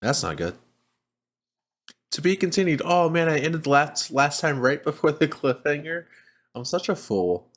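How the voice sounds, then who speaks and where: A man's voice: fairly high pitch, sing-song, normal speed. A man hosting a let's play, giving casual commentary, chatting along as he reads the game text aloud and laughs often.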